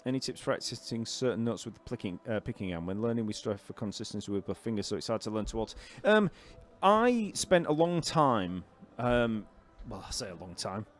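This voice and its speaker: A man teaching a live online bass lesson, explaining technique in a relaxed way, counting beats aloud and answering questions from the chat. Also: fast talker, hardly any pauses.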